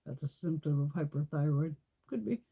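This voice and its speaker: A middle-aged woman hosting a beauty livestream, telling stories in a loose, animated way, swearing freely and laughing often. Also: low voice, moderate pace, vocal fry, breathy edge. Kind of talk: casual chat.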